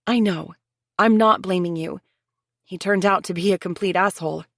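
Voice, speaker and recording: A woman's voice: fairly low pitch, normal speed, fairly bright tone, dry recording, studio quality. Woman voicing a firm, determined widow. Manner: firm, reassuring. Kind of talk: audiobook character voice.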